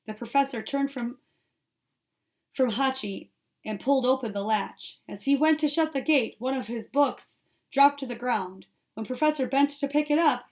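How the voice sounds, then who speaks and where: A woman reading a children's novel aloud, reading steadily and correcting her small slips as she goes. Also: fairly high pitch. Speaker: audiobook reader.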